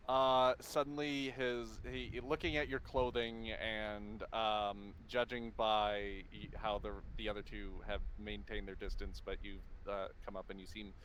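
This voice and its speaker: A man's voice: fairly low pitch, level tone, a little slow, hardly any pauses, fairly bright tone, a little hiss or hum. A man narrating a tabletop game as game master, hesitant, with many fillers and restarts.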